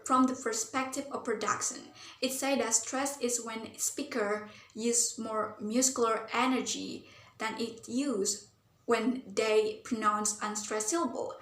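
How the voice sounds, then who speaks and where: A woman's voice: fairly high pitch, fairly bright tone. A young woman, a university student, gives an explanatory class presentation, earnest and thinking aloud with frequent fillers like "like" and "um". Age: young adult. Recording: roomy echo.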